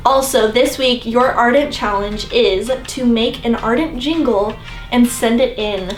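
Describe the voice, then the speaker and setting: A woman's voice: a little high, a little slow, reverberant, far from the mic, faint music behind, rough recording. A young woman leading a youth group, giving bubbly, playful announcements. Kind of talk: upbeat announcements.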